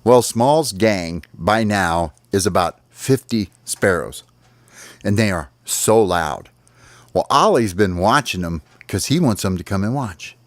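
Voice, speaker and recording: A man with a lowish voice telling a lively bedtime story, throwing in sound effects and sighs. The sound is dry and close to the mic. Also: a little slow, no echo.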